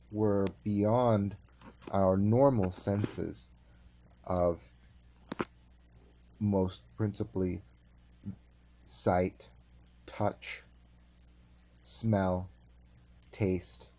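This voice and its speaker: A man teaching a course, lecturing and telling a story in a measured, unhurried way with halting restarts. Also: fairly low pitch, warm tone. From California.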